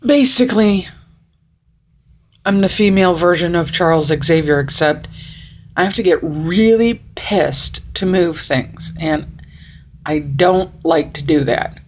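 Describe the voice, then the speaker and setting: A woman in her forties talks straight to the camera in a slow, drawn-out way. Her voice sits a little low, and she is blunt and rambling, swearing without a second thought. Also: expressive, a little mellow, a little hiss or hum. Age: 40s. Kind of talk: casual monologue to camera.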